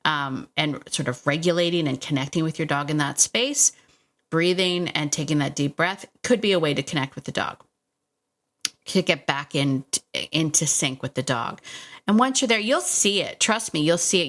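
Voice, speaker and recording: A woman's voice: on the low side, a bit bright. A middle-aged woman hosting a solo podcast about dog training, talking casually and directly to the listener with frequent laughs. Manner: chatty, laughs often, speaks straight to the listener.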